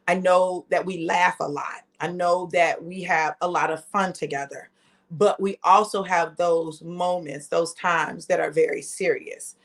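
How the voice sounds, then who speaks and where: A woman in her fifties, with a lowish, creaky voice, hosts a live stream. She tells a family story in a chatty, animated way, speaking directly to her viewers.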